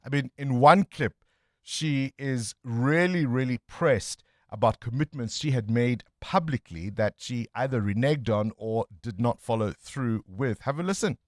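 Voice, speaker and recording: A man's voice: medium pitch, a little slow, darkish tone, no echo, studio quality. A man hosting breakfast talk radio, commenting on the news in a conversational way with frequent fillers. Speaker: radio talk show host. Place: radio studio. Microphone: studio microphone.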